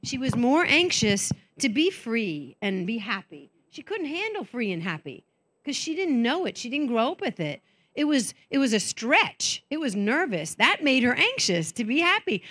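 Woman, conference speaker, candid and self-mocking, acts out quotes, somewhat high voice. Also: sing-song, normal speed, fairly bright tone. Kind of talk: conference talk.

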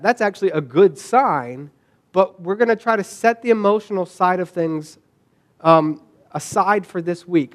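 A man preaching a sermon, talking conversationally with restarts and questions to the congregation. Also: sits high. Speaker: pastor.

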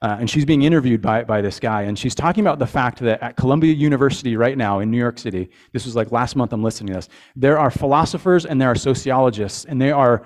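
A man's voice: mid-range voice, fast talker, few pauses. A man, a father with young boys, preaching a communion sermon in an earnest way, often repeating words and checking in with his listeners. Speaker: pastor.

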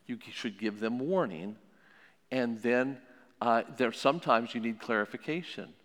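Man giving a sermon-style talk, animated stories, keeps repeating his points, big echoey hall. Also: medium pitch, moderate pace. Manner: animated storytelling, repeats key phrases. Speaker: pastor teaching on parenting. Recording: long hall reverb.

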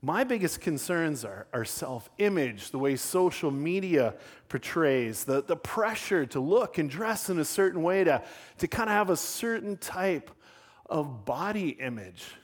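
A man voicing a worried high school teenager who is earnestly listing his concerns. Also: big pitch swings, unhurried, long reverb tail.

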